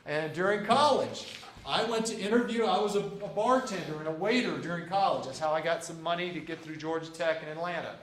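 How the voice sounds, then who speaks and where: Folksy high-voiced older male instructor. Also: brisk, reverberant, slight background noise. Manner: folksy, repeats himself, acts out dialogue. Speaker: JROTC instructor. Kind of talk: classroom lecture with anecdotes. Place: classroom.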